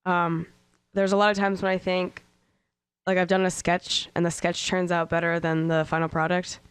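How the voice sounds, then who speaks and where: A man's voice: high-pitched, monotone, moderate pace, fairly bright tone, clear, resonant tone, no room sound. A man co-hosting a podcast, an artist talking casually and easygoing about his work. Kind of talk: casual chat.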